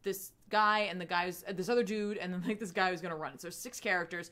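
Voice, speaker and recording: Fast-talking and lowish-voiced, this woman co-hosts a comics podcast with fairly even intonation and a slightly bright tone. In a casual chat she meanders through a comic's storyline, saying "like" and "um" constantly.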